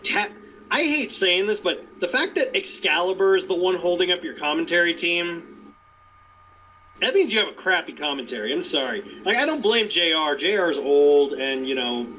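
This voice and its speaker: An animated man chatting on a podcast. His voice is bright and fairly high, and it swings widely in pitch. He laughs often and keeps stopping to restart his sentences. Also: normal speed, slight background noise, rough recording. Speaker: podcast co-host. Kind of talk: casual chat.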